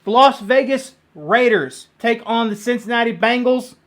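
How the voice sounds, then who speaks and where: A man with a fairly high voice runs through his weekly football picks in a casual, excitable way. His delivery is blunt and jokey, and it now and then gets loud. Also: moderate pace. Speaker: sports picks vlogger.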